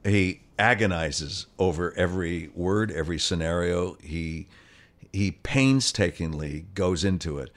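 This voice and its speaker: A man in his sixties, an actor guest telling an animated anecdote and acting out other people's voices. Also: low voice, measured pace. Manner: animated storyteller, acts out quoted voices. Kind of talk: conversational anecdote.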